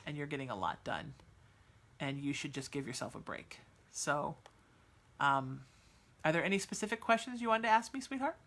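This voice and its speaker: A woman's voice: sits low, a bit bright. A woman hosting a podcast and giving live psychic readings to chat viewers, soothing and reassuring, chatty with many fillers. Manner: soothing, reassuring, calls listeners sweetheart.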